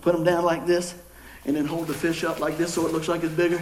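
A middle-aged pastor, preaching a sermon with jokes and folksy storytelling. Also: male voice, fairly high pitch, fast, background noise. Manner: folksy, joking, animated storytelling. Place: church sanctuary. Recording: echoey church room.

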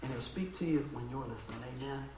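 A man preaching in a folksy, emotional storytelling style, dropping to a hush and then rising to exclaim. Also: mid-range voice, fast talker, roomy sound, slight background noise, low-quality recording. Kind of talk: storytelling sermon.

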